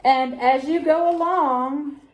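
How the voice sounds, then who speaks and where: A middle-aged woman hosting a crafting vlog, talking casually and deliberately as she shows ribbons and ornaments, often repeating her phrases. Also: high-pitched, dull audio. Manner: slow, deliberate, repeats phrases while showing items. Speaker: crafting vlogger.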